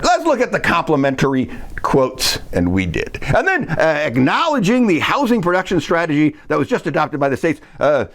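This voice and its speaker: A man's voice: a little high, wildly swooping pitch, moderate pace, hardly any pauses, a bit bright. A man sarcastically recapping a city council meeting in a casual monologue, mimicking the speakers as he quotes them.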